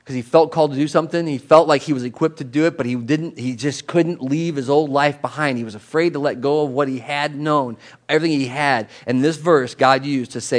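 A middle-aged man preaching a conversational sermon as a pastor, animated and chatty, with sudden jumps in pitch and volume and repeated words and asides. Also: fairly quick.

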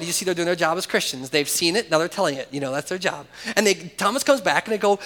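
A man preaching a sermon to his church congregation. He swings between loud, emphatic calls and hushed, intimate asides, and peppers the crowd with rhetorical questions. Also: high voice, animated, fast talker. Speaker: pastor.

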